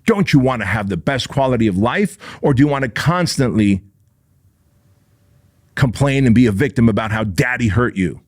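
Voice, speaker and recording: A man gives a motivational monologue on his own show, speaking in short, punchy, repeated phrases and swearing now and then. His voice sits in an ordinary middle pitch. It is recorded close and dry, with no room sound. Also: expressive, normal speed, no room sound. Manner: forceful, preachy, repetitive punchy phrasing, profane. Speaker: podcast host.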